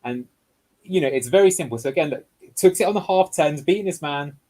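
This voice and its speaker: Husky man breaking down match clips. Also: fairly high pitch, animated, brisk, a little mellow, poor audio. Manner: explanatory, walks through clips step by step. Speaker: guest football analyst. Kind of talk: tactical video breakdown.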